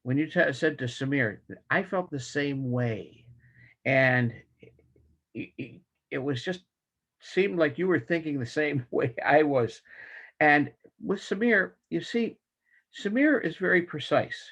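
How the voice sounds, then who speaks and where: An older man, the general evaluator at a club meeting, speaking enthusiastically in a folksy, animated way over a video call. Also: on the high side, takes it slowly. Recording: dull lo-fi video call audio.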